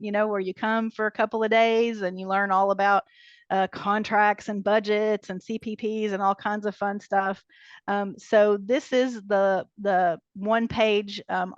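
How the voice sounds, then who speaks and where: A woman presenting a training webinar over a video call. She walks through a website in a brisk, chatty way, with many ums and short laughs. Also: medium pitch, no echo. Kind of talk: casual walkthrough of a website. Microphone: computer mic on a video call. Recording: dull lo-fi video call audio.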